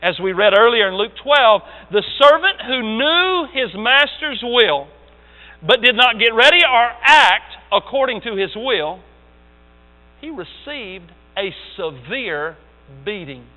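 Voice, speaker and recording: A male pastor preaching a sermon. He talks emphatically and drops into quiet asides. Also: very high voice, expressive, slow pace. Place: church sanctuary. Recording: tinny lo-fi church recording, long reverb, mains hum.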